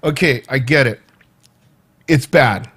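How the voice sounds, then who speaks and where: A man hosting his own livestream, chatting casually and rambling in a self-mocking, animated way. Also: mid-range voice, slow pace, husky. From United States. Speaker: livestream host. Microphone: home livestream mic.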